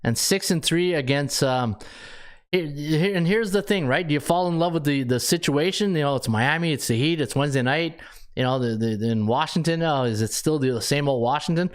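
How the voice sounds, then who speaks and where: A man hosting a sports betting podcast in casual chat, rambling and excitable, ranting in bursts and laughing at his own lines. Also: a little high, moderate pace, clean tone. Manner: ranting, with many restarts.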